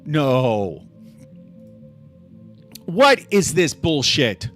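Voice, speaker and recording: A man's voice: on the high side, very animated, drawn-out words, a bit bright, faint music behind. A man hosting a casual live stream, sarcastic and full of mock outrage. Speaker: livestream host.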